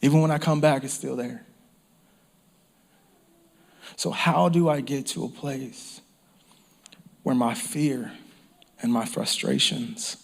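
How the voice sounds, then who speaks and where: A man preaching a sermon as pastor, impassioned, repeating phrases and sometimes dropping to a whisper. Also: medium pitch. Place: church or campground service.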